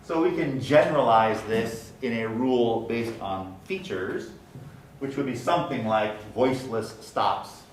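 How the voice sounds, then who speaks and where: Slow, deliberate male lecturer in an echoey room. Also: on the low side, slight background noise. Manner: slow, deliberate, repeats example words. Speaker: university phonetics lecturer. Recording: echoey room, mic at a distance, faint ambience.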